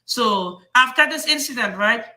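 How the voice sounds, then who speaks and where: Bright heated Trinidadian man ranting. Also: very high voice, expressive, moderate pace, roomy sound. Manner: rambling, repetitive, heated. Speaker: comic book seller and streamer. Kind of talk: defensive livestream rant.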